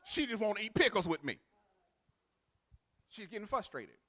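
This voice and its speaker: A male pastor a sermon. He swings from loud, sung, rhythmic to quiet, chatty storytelling. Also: high-pitched, very animated, moderate pace. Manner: builds to loud, sung preaching cadence, then drops to quiet storytelling.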